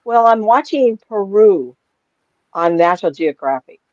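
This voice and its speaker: A middle-aged woman, a psychic medium, talks at an unhurried pace with a medium-pitched voice. Chatting casually, she tells stories animatedly and voices the people she quotes. There's no room sound, though the audio is dull and lo-fi.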